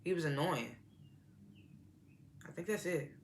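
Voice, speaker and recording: A woman's voice: sits low, unhurried, a little hiss or hum. A woman chatting through a recap of a TV episode, retelling the scenes in quoted voices and laughing often. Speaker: TV show reviewer. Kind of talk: casual recap and review.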